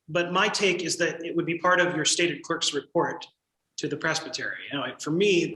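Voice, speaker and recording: A man leading a church training session, explaining procedure in a measured, thoughtful way with frequent pauses. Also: fairly high pitch, pushed and bright, reverberant, low-quality recording.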